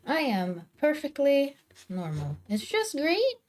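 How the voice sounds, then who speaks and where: A woman's voice: high-pitched, huge pitch swings, slow pace, a little mellow. A woman streaming from home on a desk microphone, chatting casually with her viewers while drawing and calling out to her cats. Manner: chatty, talks to her cats and to chat, teasing indignation. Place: home, indoors.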